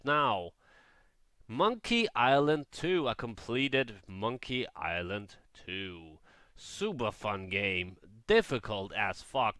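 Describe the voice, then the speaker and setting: A man's voice: mid-range voice, bright, forceful tone, clear, resonant tone, dry recording. A man hosting his gaming show in an unscripted, rambling and self-mocking monologue, swearing casually. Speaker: gaming channel host.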